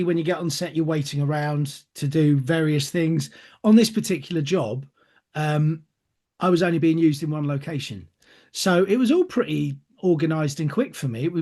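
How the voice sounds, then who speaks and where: A man's voice: fairly high pitch, a little fast, darkish tone. A middle-aged man, chatting in an interview and telling stories, acting out other people's voices as he goes. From England. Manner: chatty storyteller, acts out voices in anecdotes. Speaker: actor being interviewed. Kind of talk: casual interview answers.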